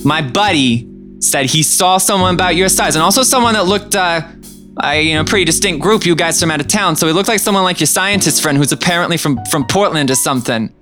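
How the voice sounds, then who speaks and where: A man's voice: a little high, expressive, a little fast, music in the background, voice pushed up, close to an everyday voice. A man voicing an angry local man who accuses the group of stealing his boat and car. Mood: accusing. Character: angry middle-aged man hunting his stolen boat.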